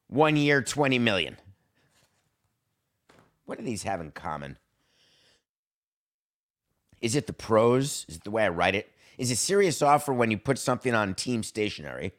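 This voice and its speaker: Man, podcast host, middle-aged, jokey, theatrical, lowish voice. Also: big pitch swings, normal speed, fairly bright tone. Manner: jokey, theatrical, swings pitch for emphasis. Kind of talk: solo sports talk podcast.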